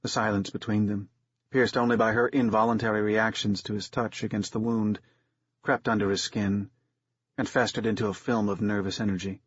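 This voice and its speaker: A man narrating an audiobook in a steady, unhurried reading with a husky voice. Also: on the low side, no room sound. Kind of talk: scripted narration. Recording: dull, muffled recording.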